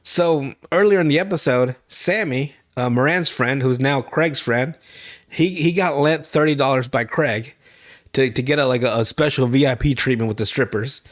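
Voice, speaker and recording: A young male podcast host of medium pitch speaks at normal speed as he rambles through a TV episode recap. He swears freely and laughs loudly at what he's telling.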